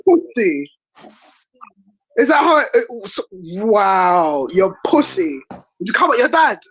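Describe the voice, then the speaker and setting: A woman's voice: mid-range voice, very animated, takes it slowly, slightly rough, dry recording, low-quality recording. A woman hosting a stream, reacting in casual chat in a blunt, incredulous, swearing manner. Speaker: stream host.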